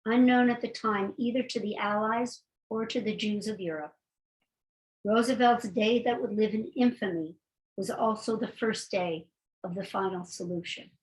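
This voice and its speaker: A woman presenting readings from a historian's books, reading passages in a measured, deliberate way with halting asides between them. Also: medium pitch, fairly even intonation, poor audio. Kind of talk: reading aloud from books with brief spoken asides.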